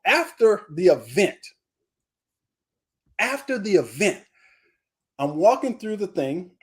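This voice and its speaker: Animated man telling a story, somewhat high voice. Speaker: coach. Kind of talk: storytelling in a live group discussion.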